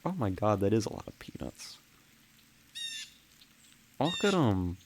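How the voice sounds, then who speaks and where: A man on a casual game livestream, talking to viewers in a low voice. He drawls along at an unhurried pace. His talk rambles and keeps breaking into giggles. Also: big pitch swings, a little hiss or hum. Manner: rambling and giggly, laughing often; chats with viewers while playing. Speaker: streamer.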